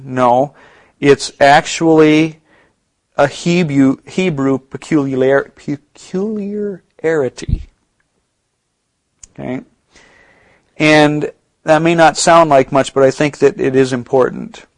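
A man's voice: medium pitch, fairly even intonation, dry recording, rough recording. Male Bible teacher, casual and explanatory, dry close sound. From United States. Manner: explanatory, slows down to stress key points.

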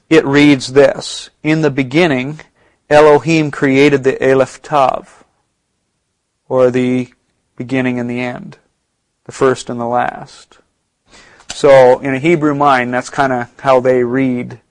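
A man talks through a Bible study in a relaxed, explanatory way. He slows right down on the points he wants to land, and his voice sits at an ordinary middle pitch. The recording is close and dry. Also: dry recording, rough recording. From United States. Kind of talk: casual Bible teaching talk.

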